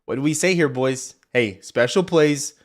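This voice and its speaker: A man's voice: medium pitch, a little slow. A man hosting a live stock-trading stream, talking casually and bluntly to his viewers, rambling with profanity. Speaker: stock trading livestream host. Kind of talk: casual live market commentary.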